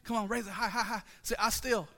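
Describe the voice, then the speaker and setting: Male pastor preaching, high bright voice, rhythmic repetition, long hall reverb. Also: steady tone, a little fast. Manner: passionate, repetitive call-and-response preaching. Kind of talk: sermon. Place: church sanctuary.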